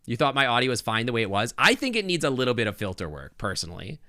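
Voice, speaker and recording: A man's voice: medium pitch, big pitch swings, quick pace, sharp tone, no echo. A male game streamer chatting casually with his viewers on a close desk microphone, thinking aloud with lots of restarts and asides.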